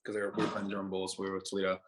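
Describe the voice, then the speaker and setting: Speaking very fast in a low-pitched, completely flat voice, a young baseball pitcher guesting on a podcast spins a long, casual story. He rambles in a laid-back way, backtracking and restarting, with "like" in almost every sentence. There is slight background noise.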